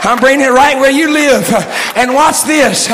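Texan preacher, very high voice, shouts his lines in rhythm with "uh" fills, reverberant sanctuary with a noisy congregation. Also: moderate pace, crowd noise. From Texas. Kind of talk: sermon. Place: church sanctuary. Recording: echoey church hall with congregation noise.

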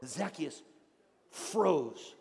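A male pastor preaching a sermon in a dramatic storytelling manner, swinging from hushed tones to shouts. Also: on the high side, expressive, extremely slow, vocal fry. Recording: long hall reverb, faint crowd.

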